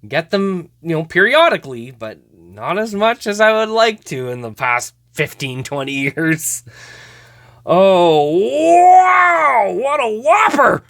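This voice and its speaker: A man hosting a hockey card show, casually rambling as he opens cards, hedging with many trailing remarks and breaking into excited laughs. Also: fairly high pitch, measured pace, few pauses, no echo, clean studio sound. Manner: hesitant, rambling, many trailing 'I don't know's; laughs easily, bursts into excited outbursts. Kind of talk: casual card-opening commentary.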